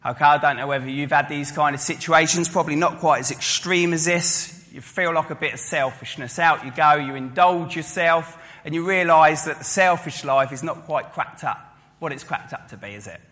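Bright-voiced man preaching in a hall. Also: a little high, moderate pace. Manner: storytelling, acting out voices of listeners. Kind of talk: sermon. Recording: long hall reverb.

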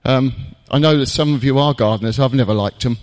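A man preaching a jokey, conversational sermon in a church, with dramatic pauses. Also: mid-range voice, a little mellow, in a large hall.

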